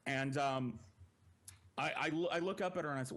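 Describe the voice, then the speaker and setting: A man telling a long personal story on a podcast in a casual, profane and animated way. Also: fairly high pitch, normal speed.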